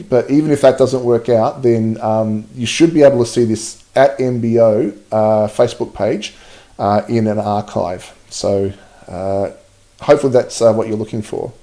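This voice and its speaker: A man's voice: mid-range voice, dark tone. A man hosting a live stream, chatting casually, reading out viewer comments and laughing often as he works at his telescope. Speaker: livestream host.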